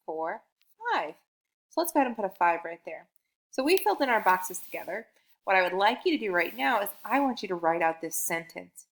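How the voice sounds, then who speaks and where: A young woman teaching kindergarten math on video in an upbeat, encouraging way, pitched in an ordinary middle range. She counts aloud slowly and stretches out the key sentences for small children.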